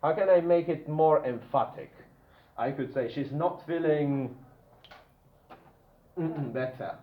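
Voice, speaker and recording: A man teaching an English grammar class, animated and repetitive, checking in with "yeah?" after nearly every point. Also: fairly high pitch, slow, echoey room, narrow, tinny audio.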